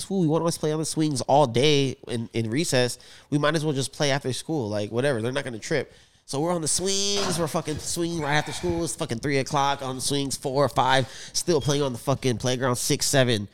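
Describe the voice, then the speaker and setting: A podcast co-host from a Filipino family chats casually in a brisk, mid-range voice. He's an animated, slangy storyteller who acts out what people said.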